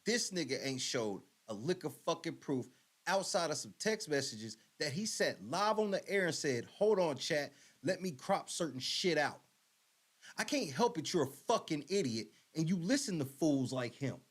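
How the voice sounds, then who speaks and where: A man's voice: fairly high pitch, very animated, moderate pace. Blunt, profane male podcast host. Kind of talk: casual commentary.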